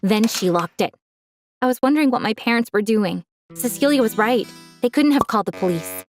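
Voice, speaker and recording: A woman's voice: a little high, expressive, fairly quick, soft background music. A young woman telling a dramatic first-person story, gasping now and then for effect.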